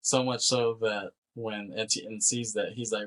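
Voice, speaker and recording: Low-voiced man recapping a movie. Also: a little slow. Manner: animated retelling, acting out lines with swearing and laughs. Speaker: podcast co-host. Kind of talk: casual movie recap chat.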